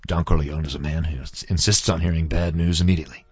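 A man's voice: fairly low pitch, animated, a little fast, sharp tone. A man, a student, casually retelling a film with lots of fillers, in a dull, lo-fi recording with faint music. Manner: rambling, many fillers.

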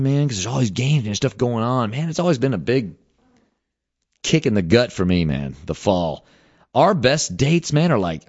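A middle-aged man, a band frontman telling road stories in a rambling, animated way, full of "man" and "dude". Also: fairly low pitch, muffled recording. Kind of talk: casual storytelling monologue.

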